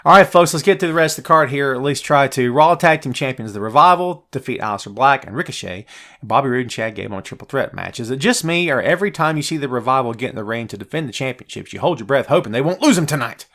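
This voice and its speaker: A man's voice: medium pitch, animated, fast, a bit bright. A man hosting a live wrestling review show, chatty and opinionated, answering viewers' chat questions by name.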